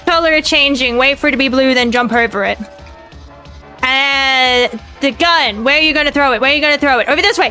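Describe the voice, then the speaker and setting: A woman's voice: sits high, brisk, pushed and bright, soft background music. A young woman streaming a game, talking herself through it in a frantic, swearing way. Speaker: VTuber streamer. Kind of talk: live gameplay commentary.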